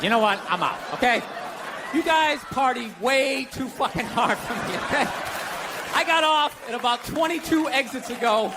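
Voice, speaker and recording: A man doing a loud, incredulous stand-up rant on stage, acting out other people's voices. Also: high voice. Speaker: stand-up comedian. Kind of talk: stand-up comedy set. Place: comedy venue stage before a live audience. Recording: live stage recording with crowd laughter and noise. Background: audience laughter.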